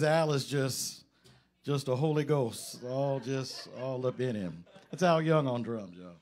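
A man's voice: medium pitch, normal speed, darkish tone. Male jazz bandleader, loose stage talk at the microphone, joking, lots of ums. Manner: rambling, joking, with many fillers. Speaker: bandleader and pianist introducing songs. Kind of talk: casual stage banter between songs.

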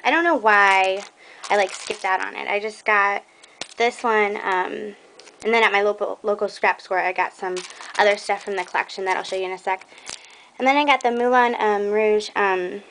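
A young woman chatting casually through a scrapbooking haul, excitable and rambling, with many ums. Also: medium pitch, a little hiss or hum, poor audio. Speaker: scrapbooking vlogger. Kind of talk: casual show-and-tell haul video.

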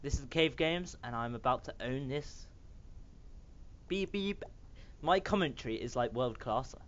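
A man hosting a gaming channel, giving excitable gameplay commentary and swearing at other players in mock rage. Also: mid-range voice, normal speed, highs cut off.

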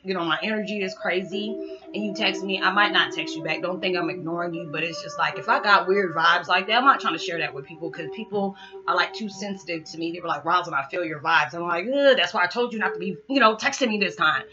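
A woman's voice: on the low side, quick pace. Chatty woman vlogger, dull lo-fi sound. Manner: rambling, chatty, many fillers like "you know" and "it's just like". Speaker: spiritual vlogger. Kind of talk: casual monologue to camera.

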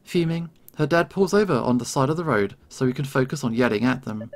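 A man hosting a let's play, reading the narration of a story game aloud in an expressive, dramatic way. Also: medium pitch, brisk, few pauses.

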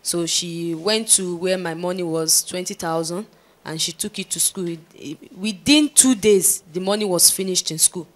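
A woman's voice: fairly low pitch, normal speed. A woman from the household is describing what happened at home. She speaks plainly, with hesitant restarts.

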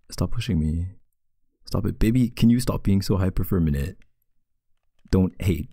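Low, gravelly man in whispered role-play. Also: dry recording, clean studio sound. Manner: playful teasing, soft and intimate. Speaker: boyfriend role-play voice actor.

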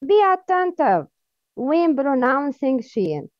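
A woman with a high voice and as her teaches a slow, patient pronunciation lesson. She sounds out each letter again and again, then sets the wrong forms against the right ones. The recording is dry and a little dull. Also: sing-song, no echo. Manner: demonstrates sounds by repeating them, then corrects wrong versions. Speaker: Quran recitation teacher.

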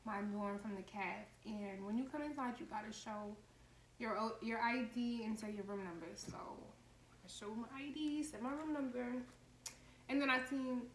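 A woman's voice: a little high, normal speed. A woman in her twenties telling a heated, profane story in a casual vlog. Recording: echoey room, faint background noise.

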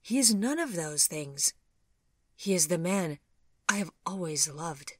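A woman's voice: lowish voice, animated, moderate pace, a bit bright, no echo, studio quality, pitched above the performer's own voice. A woman voicing a proud, composed mother who speaks firmly and reassuringly in a storybook reading. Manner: firm and reassuring.

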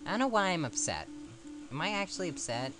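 A man narrates a retro game run in a lively, up-and-down voice, rambling between jokes at his own expense. Faint guitar music plays softly behind him. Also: high-pitched, fast talker. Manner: rambling, self-mocking asides. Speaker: let's play commentator. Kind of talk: casual gameplay commentary.

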